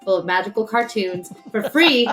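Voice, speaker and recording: A woman's voice: mid-range voice, lively intonation, normal speed, fairly bright tone, faint music behind. A woman co-hosting a casual chat, explaining things at length with lots of fillers. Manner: chatty, explains at length with many "like"s and "um"s. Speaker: co-host.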